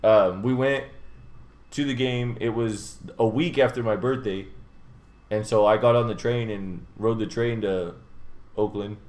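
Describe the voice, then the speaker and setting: A young man hosting a podcast. He tells an animated, profane anecdote in casual chat. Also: on the low side, a little slow. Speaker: podcast host. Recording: echoey room.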